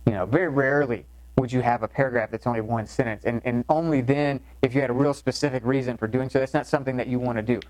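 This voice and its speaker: A man's voice: mid-range voice, quick pace, few pauses, a little mellow, dry recording, poor audio. Conversational man teaching a writing lecture. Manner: conversational, explanatory, many fillers and restarts. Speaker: course instructor. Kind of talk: recorded lecture.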